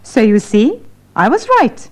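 A woman presenting a scripted radio English lesson in a playful, clear, teacherly way. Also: a little high, very animated, unhurried.

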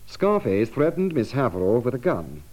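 A man giving measured, explanatory narration for language learners. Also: medium pitch, sing-song, a little mellow. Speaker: narrator and presenter.

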